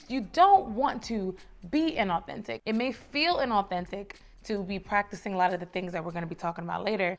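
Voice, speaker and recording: A young woman from the Bronx, giving chatty, encouraging advice straight to camera and calling her viewers baby and sis. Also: medium pitch. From the Bronx, New York. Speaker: lifestyle vlogger. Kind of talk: casual direct-to-camera advice.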